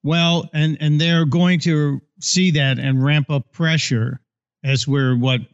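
A man co-hosting a political talk podcast, conversational and a bit halting. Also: on the high side, steady tone, clear, resonant tone. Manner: conversational, hesitant restarts. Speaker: podcast co-host. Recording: dull lo-fi sound.

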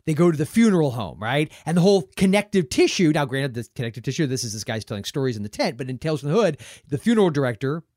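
A man's voice: on the high side, sing-song, fast talker, few pauses, darkish tone, no room sound, studio quality. A man co-hosting a podcast, talking enthusiastically about movies in casual chat, often rambling with restarts and asides. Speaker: podcast co-host.

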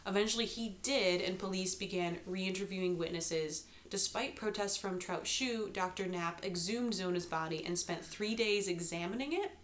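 A woman hosting a podcast, telling a historical crime story in a lively narrating voice with light asides. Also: mid-range voice, normal speed, few pauses, slight background noise. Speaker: podcast host.

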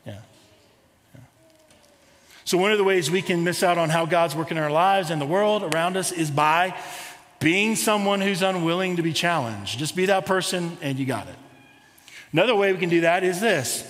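Male pastor, high voice, casual preaching style, long reverb of a church hall. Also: moderate pace, fairly bright tone. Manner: conversational preaching with rhetorical questions. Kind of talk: sermon.

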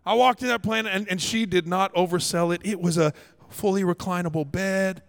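A male pastor preaching a sermon as a lively, comic story, acting out the scenes. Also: high-pitched, moderate pace, vocal fry. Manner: animated, comic, acts out scenes. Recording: long hall reverb.

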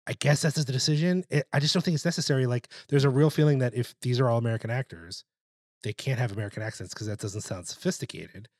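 A man co-hosting a casual film chat, opinionated and profane, talking in an animated way. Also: medium pitch, quick pace, no room sound, studio quality.

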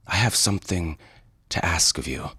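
A man playing a calm, wry inventor who lives in power armor, for an audio story. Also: sits low, normal speed, husky, no echo, exaggerated voice. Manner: calm and even, quietly wry.

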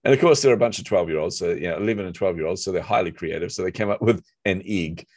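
Kiwi guy talking quick, low voice, dry close sound, telling stories with self-deprecating jokes. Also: no echo. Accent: New Zealand. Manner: lively anecdotal storyteller with self-deprecating humor. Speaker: author and marketer, guest. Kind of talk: casual storytelling in conversation.

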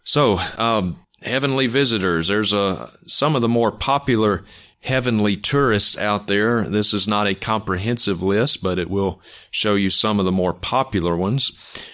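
A man with a low voice hosts a faith radio program. He talks through his topic in a measured, deliberate and skeptical way. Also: fairly bright tone. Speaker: radio show host. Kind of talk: talk radio monologue.

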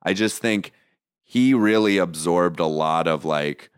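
A man's voice: low voice, measured pace, clean tone, dry recording. A man in a casual chat, talking loosely and enthusiastically with lots of filler words.

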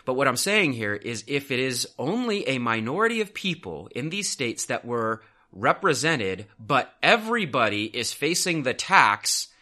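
Bright-voiced, sarcastic podcast host. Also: male voice, mid-range voice, moderate pace, few pauses. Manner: sarcastic, animated storyteller. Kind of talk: casual podcast chat.

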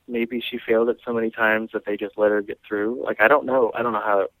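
A man's voice: on the low side, little pitch movement, fast, a bit bright, no echo, low-quality recording. A young man casually telling funny stories about a friend, chatty and laughing as he goes. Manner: chatty, laughs while telling, frequent restarts. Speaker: guest storyteller. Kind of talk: casual storytelling.

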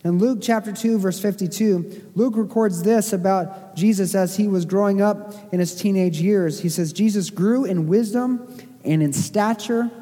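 Male pastor, high and soft-toned, casual sermon delivery with filler-heavy asides, recorded in a long-echo church hall. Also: moderate pace. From Missouri. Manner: conversational preaching, self-deprecating asides, frequent fillers.

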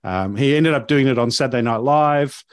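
A man's voice: mid-range voice, normal speed, clean tone, no echo, clean studio sound. A man hosting a podcast, telling a story in a casual, rambling way with many fillers and restarts.

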